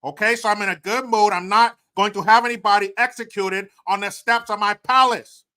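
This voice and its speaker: A man's voice: high voice, steady tone, a little fast, voice pushed up. A man putting on a mock accent to play a pompous male world leader greeting a viewer. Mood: grandiose. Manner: overblown, loud mock-accented delivery.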